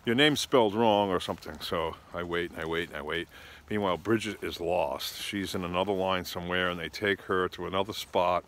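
A man's voice: low voice, fairly even intonation, brisk, a bit bright, a little hiss or hum. A man from the United States telling a travel story in a casual, rambling, exasperated way.

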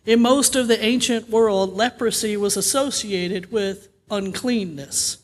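High-voiced man preaching in a reverberant church. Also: unhurried. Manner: conversational storytelling with gentle humor. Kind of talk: sermon. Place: church sanctuary. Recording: long reverb of a church sanctuary.

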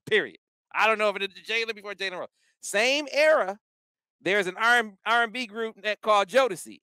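A male podcast co-host with a slightly high, clear and crisp voice, telling his stories with lively emphasis. His talk is casual and excited, and the sound is bright and close to the mic. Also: dry recording. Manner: animated, emphatic storytelling. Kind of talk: casual sports podcast chat.

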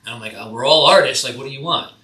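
A man's voice: medium pitch, very fast, bright, forceful tone. A man who works as a tattoo artist, guest on a casual podcast, relaxing into a story from his shop. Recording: roomy sound, far from mic.

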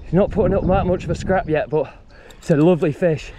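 An excitable man narrates a fishing vlog, his voice a touch high for a man and breathless from exertion. Loud rushing water sits clearly behind him in the outdoor recording. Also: background noise. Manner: excitable, breathless, swearing mildly. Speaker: fishing vlogger. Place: outdoors by a river.

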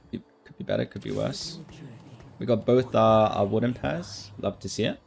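Gravelly low-voiced man streaming gameplay. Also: normal speed. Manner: thinking aloud, relaxed, mumbling asides. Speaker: streamer playing a strategy game. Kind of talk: casual gameplay commentary.

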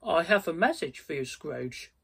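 A man's voice: a little high, sing-song, moderate pace, creaky, a bit bright, slightly rough, exaggerated voice. A man voicing the solemn ghost of a doomed old man, delivering warnings.

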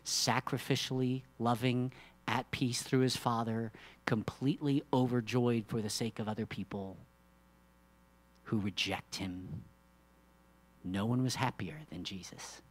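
A man preaching a sermon as pastor, with a conversational style. He swings between hushed, low asides and loud, emphatic peaks, and uses rhetorical questions and teasing asides. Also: steady tone, unhurried.

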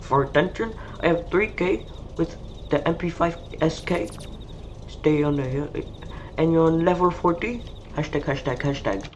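A woman playing an online shooter game, chatting casually with slow, mumbly, sarcastic banter. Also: deep voice, muffled recording, background noise. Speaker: gamer streamer. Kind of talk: casual gaming commentary. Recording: keyboard typing and mouse clicks behind.

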